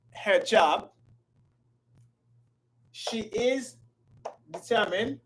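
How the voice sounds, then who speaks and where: In poor audio, a medium-pitched voice with a fairly bright tone leads a live online grammar lesson as an English teacher. Phrases get repeated and stretched out, and individual viewers are greeted by name.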